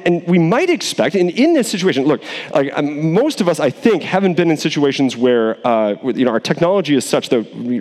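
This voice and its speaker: A male pastor preaching a sermon in a casual, animated way, acting out the characters in quick voices. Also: fairly high pitch, in a large hall.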